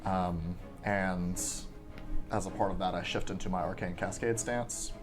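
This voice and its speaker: A man's voice: deep voice, steady tone, a little slow, over music. A man playing a tabletop game who thinks aloud, hesitant while planning his turn. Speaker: player.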